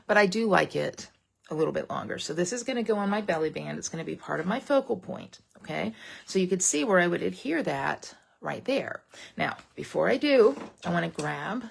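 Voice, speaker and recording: A woman's voice: lowish voice, vocal fry. A woman demonstrating a papercraft project in a casual, folksy tutorial livestream, chatting straight to her viewers.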